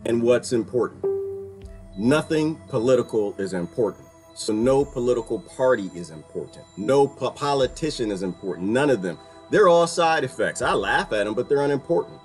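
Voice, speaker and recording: A man hosting a casual livestream, talking straight to his chat viewers and laughing often. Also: mid-range voice. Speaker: livestream host.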